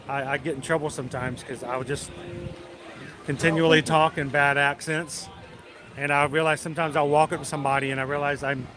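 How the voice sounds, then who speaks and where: A man hosting a casual livestream from a busy theme park, chatting, greeting viewers by name and laughing easily. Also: a little high. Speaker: livestream host. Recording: loud crowd noise outdoors. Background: crowd chatter.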